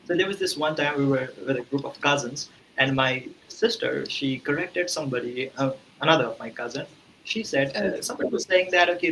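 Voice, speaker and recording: Earnest Indian-born man, slightly high voice. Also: a little fast, pushed and bright, slight background noise, low-quality recording. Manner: earnest, explains with examples and fillers. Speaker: guest. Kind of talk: casual interview talk.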